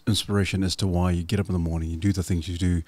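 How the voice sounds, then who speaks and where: A man's voice: deep voice, flat delivery, racing, dark tone, dry recording. A man hosting a podcast, asking long, rambling interview questions at an uneven pace. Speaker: podcast host.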